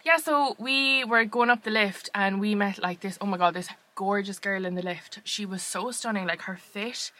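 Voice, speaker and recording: A woman's voice: medium pitch, sharp tone. A woman co-hosting a podcast, telling stories in casual chat with lots of fillers and laughter. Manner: chatty, laughing, fast storytelling with many fillers. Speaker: podcast co-host.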